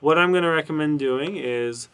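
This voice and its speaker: A man's voice: on the high side, normal speed, a bit bright, smooth. A middle-aged man giving a casual recorded university lecture over a screen recording, thinking aloud with frequent fillers and restarts. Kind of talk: casual recorded lecture walking through documentation.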